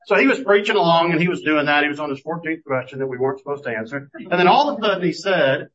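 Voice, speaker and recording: A man preaches in an easygoing, storytelling way and often doubles back to restart a thought. His voice sits a little high and sounds husky. The recording is muffled and lo-fi. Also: expressive, fast, fairly bright tone. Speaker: pastor. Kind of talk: sermon.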